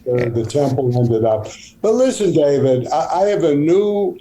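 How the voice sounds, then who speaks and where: A man doing comic banter as the father, in a slow, wry and deadpan way. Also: on the high side, a little hiss or hum, poor audio. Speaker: comedian guest playing the father. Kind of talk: comedic banter.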